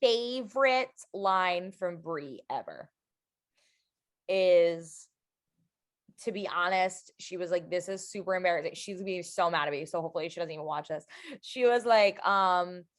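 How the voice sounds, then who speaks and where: A woman's voice: on the low side, unhurried. A young adult woman co-hosting a podcast in casual chat, telling stories animatedly. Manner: animated storyteller, slips into playful voices. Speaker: podcast co-host.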